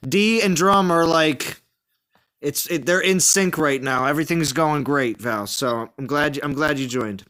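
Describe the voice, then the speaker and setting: A man's voice: a little high, unhurried, a bit bright. A man hosting a gaming stream, talking loosely with friends and reading chat, full of fillers and restarts. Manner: rambling, lots of fillers and restarts. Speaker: streamer and host.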